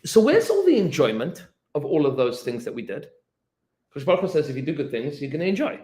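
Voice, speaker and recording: A man's voice: fairly high pitch, fairly quick, reverberant, poor audio. A man, a rabbi, teaching an informal Torah class, telling stories with lots of fillers and restarts and acting out the quoted lines. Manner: animated storyteller, many fillers and restarts, acts out quotes. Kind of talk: informal Torah lesson with storytelling.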